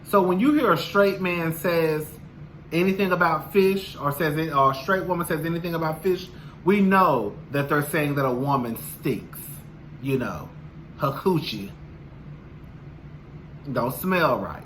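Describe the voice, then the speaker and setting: Bright, high-voiced sassy man. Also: measured pace, a little hiss or hum. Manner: sassy and expressive, calls listeners "girl". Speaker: vlogger. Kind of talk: casual talk to camera.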